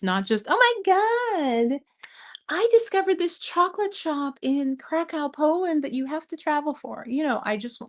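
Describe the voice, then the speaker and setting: A woman, hosting a casual livestream, chatting and laughing as she reads viewer comments. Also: medium pitch. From New York City. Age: 50s. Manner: chatty, animated storyteller who laughs often. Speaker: vlogger and livestream host. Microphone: streaming mic.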